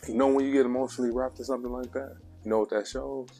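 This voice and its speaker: A man's voice: mid-range voice, level tone, very fast, warm tone, soft background music. A man giving blunt relationship advice in a casual vlog monologue, preachy and repetitive, with coarse language.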